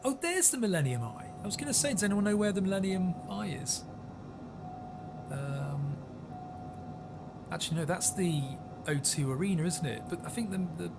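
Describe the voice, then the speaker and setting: A man hosting a live stream, chatting casually and upbeat while flying a plane in a simulator and greeting viewers. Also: high-pitched. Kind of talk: casual live-stream commentary while playing a flight sim.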